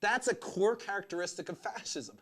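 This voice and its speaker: A man's voice: high voice, lively intonation, a little fast, fairly bright tone. A man hosting his own show, ranting about politics in an angry, profane, emphatic way. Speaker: podcast host.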